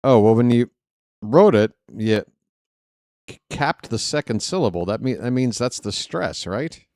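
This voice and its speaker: A man doing live play-by-play of a baseball game for viewers, chatty and joking with the chat between pitches. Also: lively intonation, a little slow, a little mellow, no echo, studio quality. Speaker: fan play-by-play announcer.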